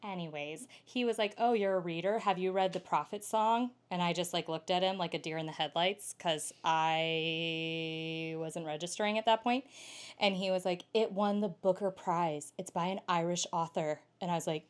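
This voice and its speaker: A young woman co-hosting a book haul video, telling travel stories in a lively, casual way with the odd swear word. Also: lowish voice, moderate pace, smooth. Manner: animated storyteller, casual swearing. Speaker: booktuber co-host. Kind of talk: casual storytelling chat.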